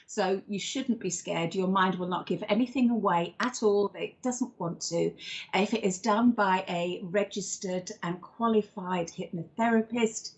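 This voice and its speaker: Speaking at medium pitch and normal speed, this woman does card readings and chats during a live stream. A psychic medium and regression therapist, she rambles warmly and calls people darling.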